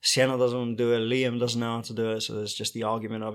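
A middle-aged man from Italy with an Italian accent, co-hosting a casual podcast chat, telling animated stories and laughing often. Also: medium pitch, fast talker. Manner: lively storyteller, laughs often. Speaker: podcast co-host, father.

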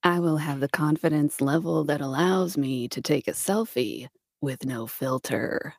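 A woman doing a celebrity impression of a menacing older man film actor, in a slow, low drawl. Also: vocal fry, a little mellow, full character voice. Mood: sly.

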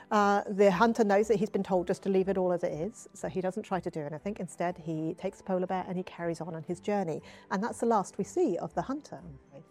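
A woman storyteller telling a folk tale aloud, expressive with hushed asides. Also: lowish voice. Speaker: storyteller guest. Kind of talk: oral storytelling.

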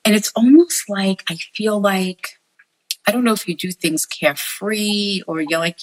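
A woman's voice: mid-range voice, moderate pace, poor audio. A woman working as a psychic medium, earnestly relaying messages to the people in front of her and often repeating herself. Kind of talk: spirit reading for sitters.

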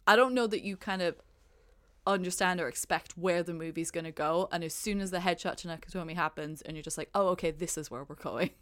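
Young woman, lowish voice, casual podcast chat, rambling restarts, dry close mic. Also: fairly quick, a bit bright, clear, resonant tone, dry recording. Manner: rambling, hesitant restarts, laughing. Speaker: podcast co-host.

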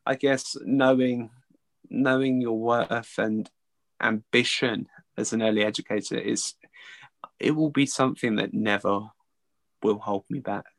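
Earnest gravelly man, dry sound. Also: mid-range voice, no room sound. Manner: earnest, halting, with many restarts. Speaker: early educator. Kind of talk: reflective interview answer.

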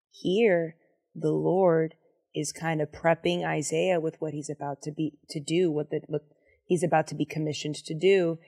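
A woman's voice: deep voice, steady tone, moderate pace, mellow. A young woman casually leading a Bible study, enthusiastic and chatty with lots of fillers.

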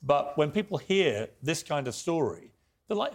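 A man's voice: fairly high pitch, big pitch swings, normal speed. A man with an English accent hosting a current-affairs show, pressing a guest with pointed questions. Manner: pressing, interrupting. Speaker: host. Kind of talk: combative interview.

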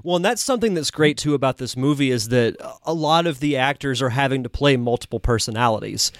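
A man's voice: medium pitch, expressive, fast talker, no echo, studio quality. Enthusiastic man hosting a podcast. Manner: enthusiastic, laughs while retelling scenes. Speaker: podcast host. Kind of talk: casual podcast chat.

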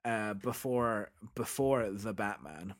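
A man's voice: lowish voice, takes it slowly. A man co-hosting a casual film podcast, dry and teasing toward his co-host. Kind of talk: casual film review chat.

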